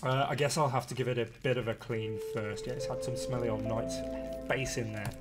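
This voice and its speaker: A man voicing a prim, doubtful woman scientist in a put-on higher voice. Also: steady tone, a little fast, loud music behind the voice, lightly acted.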